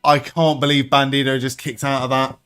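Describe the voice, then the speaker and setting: A young man hosting a live wrestling watch-along stream, reacting excitedly, swearing freely and chatting with viewers. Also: medium pitch, a little fast, clean tone, faint music behind. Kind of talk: live reaction commentary and chat.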